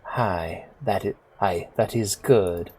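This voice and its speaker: A man putting on a soft-spoken Southern old lady. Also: low voice, slow, husky, pitched below the performer's own voice, heavily acted. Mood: solemn. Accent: put-on American Southern.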